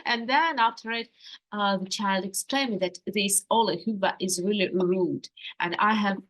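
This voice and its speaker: A woman co-hosting a casual language lesson, telling a lively story about learning the language and often laughing as she speaks. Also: mid-range voice, normal speed, low-quality recording. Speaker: language course co-host.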